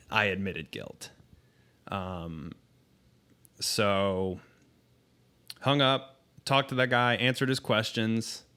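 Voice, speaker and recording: A man with a fairly low voice tells a story in casual conversation. He is blunt and swears freely, and he often pauses with ums as he works through the telling. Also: pushed and bright. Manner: candid and profane, halting with frequent ums. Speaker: podcast guest.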